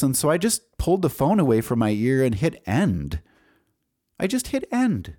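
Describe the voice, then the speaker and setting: A man's voice: medium pitch, huge pitch swings, normal speed, warm tone. A man in his forties hosting a podcast, telling a personal story in a rambling way full of fillers and restarts. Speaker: podcast host.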